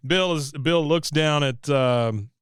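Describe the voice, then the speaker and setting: A man's voice: a little high, slow pace, clear, resonant tone, no room sound, clean studio sound. Podcast man recapping a cartoon episode. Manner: retells scenes, briefly mimicking characters. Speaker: podcast co-host. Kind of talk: casual recap chat.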